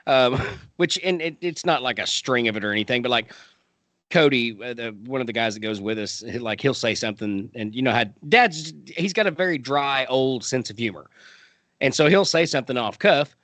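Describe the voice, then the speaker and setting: A man's voice: mid-range voice, lively intonation, moderate pace, a bit bright, dry recording. Laid-back guy co-hosting a podcast, medium voice, dry close sound. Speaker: podcast co-host. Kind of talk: casual chat.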